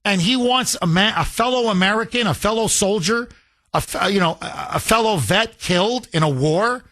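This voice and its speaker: A man's voice: sits high, normal speed, bright, forceful tone. A middle-aged man hosting a political talk radio show, delivering a heated, indignant monologue with strong emphasis.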